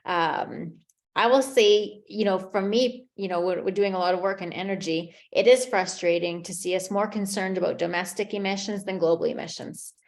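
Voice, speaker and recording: A woman's voice: mid-range voice, steady tone, normal speed, vocal fry. Woman moderating a panel. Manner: friendly, steering, asks the panel questions.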